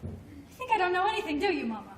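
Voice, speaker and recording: In a film drama, an actress plays the grandmother's grown daughter, a childlike, anxious adult who pleads earnestly and stammers when upset. Her very high voice is sing-song and fast, heard through roomy, distant film sound with faint noise.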